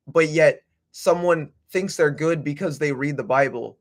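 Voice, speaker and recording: A man's voice: on the high side, a little fast, few pauses. A young man hosting a livestream, rambling casually with swearing and slang. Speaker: livestream host.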